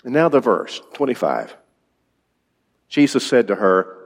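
A man's voice: mid-range voice, very animated, a little slow, pauses often. A male preacher giving an evening sermon in a conversational way, asking his congregation questions. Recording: long reverb in a large hall.

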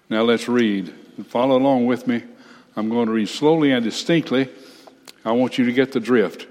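Older guy preaching, folksy blunt asides, mid-pitched voice, long hall reverb. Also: normal speed, darkish tone. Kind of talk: sermon with scripture reading.

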